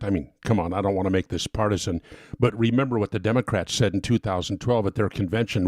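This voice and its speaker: A talk radio host delivers an impassioned monologue from a home studio, repeatedly building into emphatic bursts. His voice is fairly low and a little fast with a darkish tone, and the recording is clean with no room sound.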